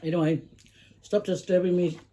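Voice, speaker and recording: A woman's voice: on the low side, steady tone, normal speed, mellow. A middle-aged woman, chatting casually while eating and humming over her food. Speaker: vlogger eating with her daughter. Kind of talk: casual mukbang chat.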